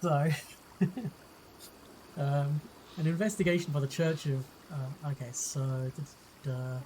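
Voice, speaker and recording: A game master narrating a tabletop game in a relaxed way, with fillers. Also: medium pitch, slow pace, a little hiss or hum, poor audio.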